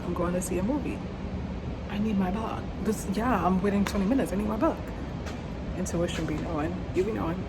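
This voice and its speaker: A woman's voice: on the low side, creaky, very noisy. A woman talking casually and candidly to camera in a vlog, with slangy asides. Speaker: vlogger.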